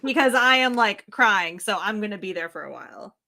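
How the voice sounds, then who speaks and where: A woman's voice: medium pitch, animated, fairly quick, creaky, pushed and bright. A young woman hosting a casual sewing chat, giggly and playful, using "like" a lot. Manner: giggly, playful, says "like" often. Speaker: host.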